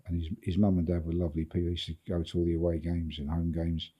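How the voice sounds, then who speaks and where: A man's voice: low-pitched, level tone, fast talker, mellow. An older English man, a guest on a podcast, telling a long anecdote in a rambling way, repeating words and chuckling as he goes. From England. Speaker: football agent, guest. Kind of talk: anecdotal storytelling in a podcast interview.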